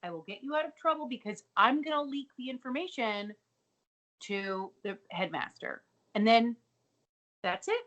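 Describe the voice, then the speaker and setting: A woman co-hosting a comedy podcast, recapping a TV episode in casual, profane, animated chat. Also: fairly high pitch, moderate pace. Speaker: podcast co-host.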